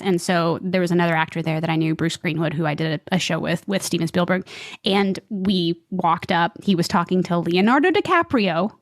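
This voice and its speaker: A woman's voice: on the low side, a little fast, dry recording, studio quality. A woman being interviewed as an actress guest, telling stories in a chatty way, often laughing and slipping into quoted voices. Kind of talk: animated storytelling in an interview.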